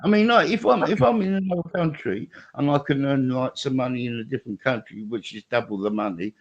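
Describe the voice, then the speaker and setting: A man's voice: medium pitch, brisk, lo-fi sound. An older man with a British accent, a regular guest chatting casually, rambling and swearing freely. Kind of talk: casual chat.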